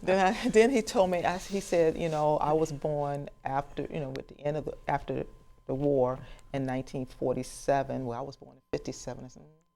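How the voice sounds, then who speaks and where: A professional genealogist in her sixties tells a story to an audience, acting out its conversations and laughing along the way. Her voice is low-pitched and creaky, and she speaks briskly.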